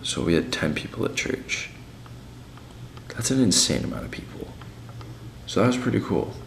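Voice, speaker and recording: A man's voice: low-pitched, very animated, moderate pace, gravelly, echoey room, a little hiss or hum. A young man on a mission, telling his week in a casual, slangy video diary. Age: young adult. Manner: laid-back and slangy, many fillers.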